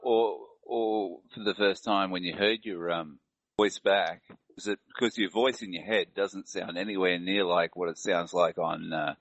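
A man's voice: low-pitched, fairly even intonation, normal speed, a bit bright, no room sound, poor audio. A man hosting a casual chat, asking questions in a hesitant, stumbling way.

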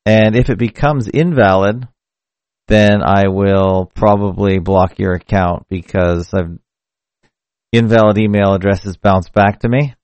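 A man's voice: lowish voice, steady tone, unhurried, darkish tone, dry recording, dull audio. A man hosting a casual solo live stream, talking in a rambling, conversational way and often correcting himself mid-sentence. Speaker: podcast host. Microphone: mic through a hardware audio box.

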